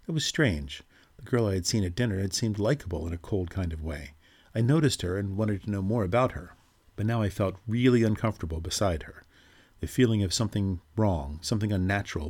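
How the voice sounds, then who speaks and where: Man with a deep, husky voice narrating a ghost story at a measured, steady pace.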